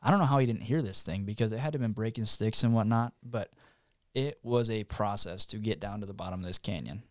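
A man's voice: fairly low pitch, quick pace, no room sound, clean studio sound. A man, a podcast guest, telling a hunting story in a loose, rambling way with fillers. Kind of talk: casual storytelling.

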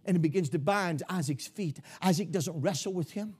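Fervent high-voiced male preacher. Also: normal speed, husky. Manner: fervent, swelling into shouts, many "uh" fillers. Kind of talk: sermon.

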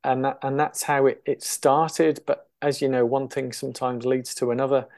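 An older English man in his sixties speaks as an interview guest, a voice pitched right in the ordinary middle range. He rambles warmly through his story, full of restarts and quick laughs. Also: level tone, gravelly. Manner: chatty storyteller, laughs often, many fillers and restarts. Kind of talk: casual interview chat.

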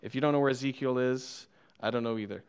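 A fast talker with a medium-pitched, clean voice, the young man delivers a sermon in church built around personal stories. He's playful, laughing often at himself over a funny childhood memory before shifting to scripture.

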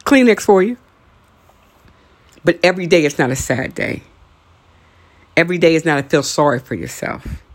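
A podcast host giving a motivational talk, urging listeners on with emphatic, repeated lines and the odd joking aside. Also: male voice, fairly high pitch. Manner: emphatic, repetitive exhortations.

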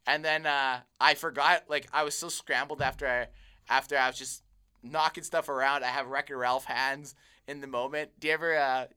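Give me a young man with a forceful, bright voice, chatting casually and telling a long, rambling story. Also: mid-range voice, moderate pace, clear, resonant tone. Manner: rambling animated storytelling, laughs often. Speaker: podcast co-host. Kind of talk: casual chat.

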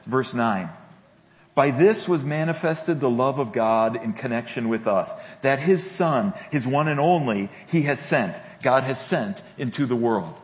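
A male pastor preaching a sermon, slow and deliberate, repeating key phrases for emphasis. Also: a little high. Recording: dull lo-fi sound with long hall reverb.

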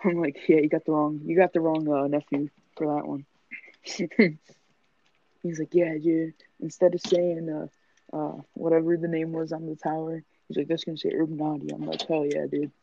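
A man's voice: fairly high pitch, flat delivery, moderate pace, creaky. A young man telling stories in a casual, profane, joking chat. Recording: dull lo-fi sound.

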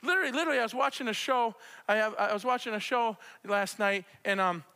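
A man preaching a conversational sermon and leading spoken prayer, in an animated way that repeats itself and speaks straight to the congregation. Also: high voice, fast, smooth. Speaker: pastor. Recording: long hall reverb.

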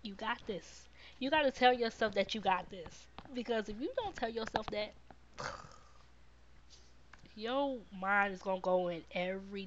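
A woman's voice: medium pitch, lo-fi sound, slight background noise. A woman podcast host, talking casually to her live viewers, repeating words of encouragement and answering their comments. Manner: warm, repetitive encouragement, reads viewer comments.

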